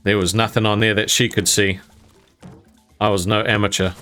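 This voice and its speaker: A man's voice: on the low side, moderate pace, clear, resonant tone, soft background music. A young man casually telling a jokey story, swearing now and then and acting out what people said. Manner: animated, jokey, swears casually, acts out quotes. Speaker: gaming YouTuber.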